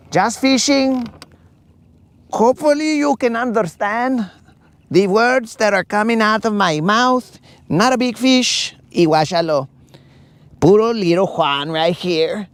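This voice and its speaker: Man doing a heavy Spanish accent, cheerful hammy fishing host, high and bright, outdoors on a lake. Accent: exaggerated Spanish accent. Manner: playful, mixing in Spanish words.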